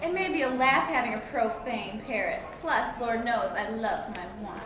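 A woman's voice: on the high side, normal speed, a crowd in the background, natural voice. A woman playing a prim, indignant lady buying a parrot, reading lines aloud in an echoey room with people nearby. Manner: indignant, exclamatory.

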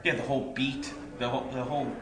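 A man's voice: medium pitch, flat delivery, fast, a crowd in the background. A man co-hosting a casual chat, rambling and poking fun at himself in an echoey room. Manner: rambling, self-mocking. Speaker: podcast co-host.

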